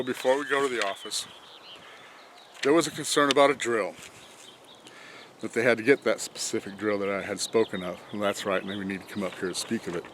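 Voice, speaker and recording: Low-voiced rambling man outdoors by a truck. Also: noisy background. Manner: rambling, chuckling, talks to himself while working. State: out of breath from bending over. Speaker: vlogger reviewing a truck job. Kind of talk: casual rambling vlog.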